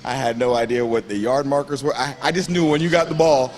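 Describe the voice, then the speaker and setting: A young man from Grenada with a Grenadian accent, a bodybuilder telling his story in a gym interview, lively and acting out the voices of the people he quotes. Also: medium pitch, fast talker. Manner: animated storyteller who acts out quoted voices and laughs often.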